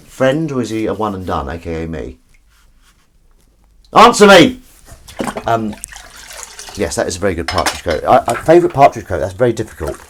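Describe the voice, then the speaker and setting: Standing at his kitchen sink, a man who acts livestreams while doing the washing up, talking casually, reading out chat messages, and cursing occasionally. His voice sits low, and running water, clattering plates, and a little noise fill the background.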